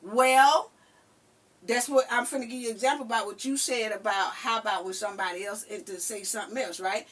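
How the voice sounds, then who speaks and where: An older woman hosting a casual chat, telling stories in an animated way and acting out what people said. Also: medium pitch, brisk, far from the mic. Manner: animated storyteller who acts out quotes. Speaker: podcast host.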